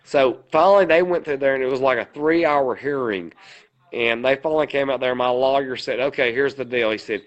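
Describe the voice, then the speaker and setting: Heard through dull audio, a medium-pitched man talks briskly as a podcast co-host. He tells a long, meandering story casually, relaying each line with "he said, I said."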